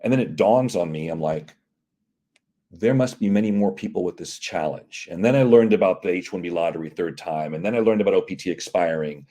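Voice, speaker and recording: A man's voice: deep voice, a little fast. A man being interviewed as a company CEO, telling his story in a casual way and acting out the other voices in his dialogue. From United States. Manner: animated, acts out dialogue with quoted voices. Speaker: CEO of immigration and employment firm, guest.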